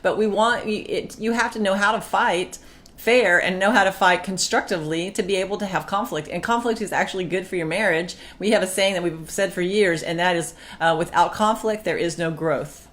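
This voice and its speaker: A woman co-hosting a casual talk on marriage, who speaks in an animated way and acts out past arguments. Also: mid-range voice, brisk. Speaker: marriage podcast co-host. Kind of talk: casual chat.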